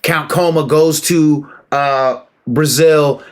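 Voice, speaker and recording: A man giving a casual, emphatic opinion monologue, preaching and calling out to listeners with rhetorical questions and shout-outs. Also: on the high side, steady tone, slow. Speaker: martial arts commentator.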